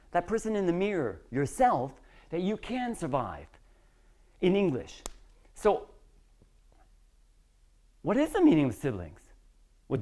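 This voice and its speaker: A woman teaching English to a class, acting out little dialogues with lots of emphasis. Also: mid-range voice. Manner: animated, emphatic, acts out dialogues. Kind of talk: classroom lesson.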